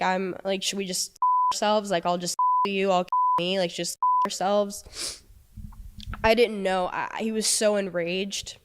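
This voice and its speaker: A young woman in an interview telling a painful personal story in a halting, emotional way, with many restarts. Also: medium pitch, smooth. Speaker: interview guest.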